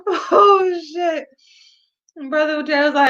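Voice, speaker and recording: A woman's voice: mid-range voice, animated, takes it slowly, fairly bright tone. A woman hosting a livestream, chatting casually with viewers, slangy and blunt, swearing and giggling through her words. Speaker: livestream host. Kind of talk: casual chat with live viewers. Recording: dull lo-fi livestream audio.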